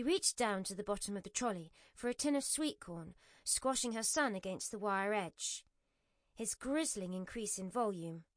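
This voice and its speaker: A woman narrating an audiobook with measured, even storytelling. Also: medium pitch, dry recording, clean studio sound.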